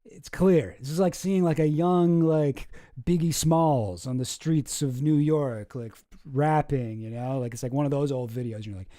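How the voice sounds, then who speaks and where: Laid-back man with a mellow voice. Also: fairly high pitch, normal speed, no room sound, studio quality. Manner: laid-back rambling with many fillers. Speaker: streamer reacting to clips. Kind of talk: casual commentary.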